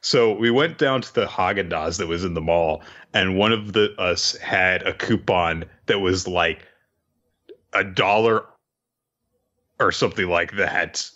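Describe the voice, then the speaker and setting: Man, podcast co-host, lowish bright voice, dull lo-fi mic, relaxed storyteller. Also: measured pace. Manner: loose storytelling with fillers and laughter. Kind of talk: casual anecdote telling.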